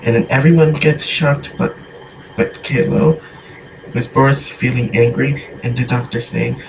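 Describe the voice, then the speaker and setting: A man narrating an improvised story in a halting way, full of pauses and fillers. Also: mid-range voice, steady tone, gravelly. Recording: echoey room, mic far off, hiss.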